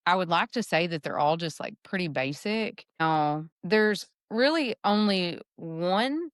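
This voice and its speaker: Lady cop on a podcast, measured and thoughtful, dry close mic. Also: fairly low pitch, expressive, clear, resonant tone, no room sound. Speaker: police officer, podcast co-host. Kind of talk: casual podcast chat.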